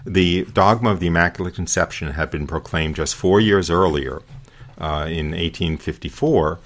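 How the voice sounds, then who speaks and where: A very deep-voiced man hosts a radio show, reading a religious account aloud and stopping to comment on it. He is digressive and pauses often, with fillers between thoughts.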